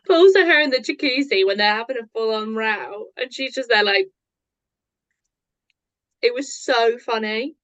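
A woman's voice: a little high, normal speed, pauses often, a bit bright. Agreeable woman co-host, slightly muffled. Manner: agreeable, chimes in with short backing remarks. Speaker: podcast co-host. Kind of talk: casual chat about reality TV.

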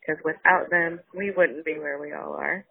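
Grateful woman, husky voice over phone. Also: deep voice, fairly even intonation, normal speed, dry recording. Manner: grateful, heartfelt. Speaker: caller to a podcast hotline. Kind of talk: voicemail message. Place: restaurant. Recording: tinny phone line.

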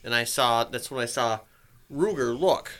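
A man's voice: mid-range voice, moderate pace, fairly bright tone. A man casually telling a long story, rambling and swearing, and acting out his own thoughts.

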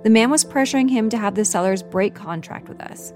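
A woman narrating her own true story in a measured, earnest scripted style. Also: a little high, darkish tone, faint music behind.

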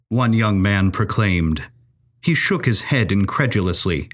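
A male narrator reads a period story in a measured, expressive style. He takes his time and lets his voice rise and fall widely. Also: fairly low pitch, slightly rough.

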